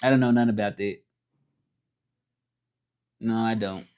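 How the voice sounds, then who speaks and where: A man's voice: on the low side, steady tone, a little slow, darkish tone. A man hosting a casual livestream, rambling with restarts and reading chat comments aloud. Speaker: livestream host. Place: home, livestreaming from Mexico.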